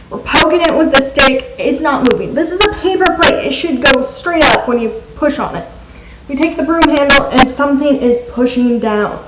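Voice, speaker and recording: A woman vlogger telling a story to camera in a chatty, animated way, with plenty of "like" fillers. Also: high voice. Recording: echoey room with loud noise.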